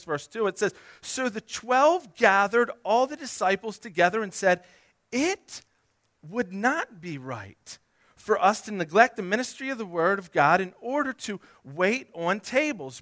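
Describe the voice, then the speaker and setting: A male pastor preaching with lively, swooping delivery and a bright, forceful tone. His voice sits high for a man, and he drives his points home emphatically, with quick comic asides. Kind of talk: sermon.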